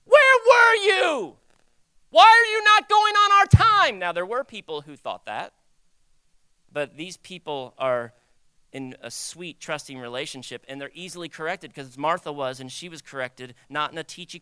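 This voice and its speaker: A young man preaching a sermon in a conversational, animated way, acting out quoted voices. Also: fairly high pitch, clean tone, no room sound. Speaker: pastor.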